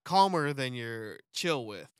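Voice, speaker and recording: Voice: medium pitch, big pitch swings, slow pace, clear, resonant tone, no room sound, clean studio sound. A podcast co-host in casual chat who laughs often and fills speech with "like.". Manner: laughs often, says "like" a lot.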